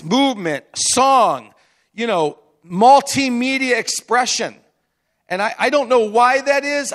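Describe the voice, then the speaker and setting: A man's voice: high-pitched, fairly bright tone. A man preaching a sermon as pastor, in a chatty, conversational way with frequent asides and restarts.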